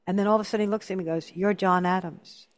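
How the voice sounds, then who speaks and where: A woman's voice: medium pitch, fairly even intonation, racing, darkish tone. A woman hosting an interview, speaking earnestly and emotionally. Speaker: host. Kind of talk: conversational interview.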